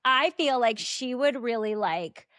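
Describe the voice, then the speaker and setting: A chatty woman co-hosting a book podcast, her voice pitched a little high. She talks in quick, rambling asides and jumps from one thought to the next. The mic is close and dry, with no room sound. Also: animated, fairly bright tone, no room sound. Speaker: podcast co-host. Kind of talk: casual chat.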